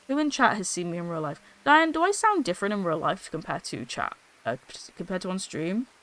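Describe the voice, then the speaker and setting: This woman's voice is lowish, a bit bright and very animated, and she talks a little fast. She's chatting casually on a game stream via an old desktop microphone, bubbly, laughing often and swearing freely.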